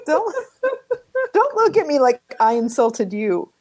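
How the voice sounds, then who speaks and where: A woman's voice: a little high, sing-song, slow pace, darkish tone, husky, no echo. A woman co-hosting a casual podcast chat, talking with lots of "like" fillers and giggly asides. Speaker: podcast co-host.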